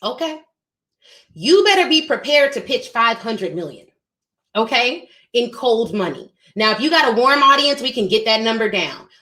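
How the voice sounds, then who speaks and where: Woman, thirties, emphatic business pep talk, preachy, lively pitch, echoey room. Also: normal speed. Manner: emphatic, preachy, addresses listeners as y'all. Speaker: podcast host.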